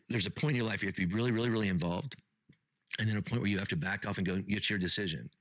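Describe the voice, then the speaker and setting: A man's voice: fairly low pitch, fairly bright tone, no room sound, rough recording. A middle-aged man hosting a podcast as a pastor, talking casually with frequent restarts and repeated words.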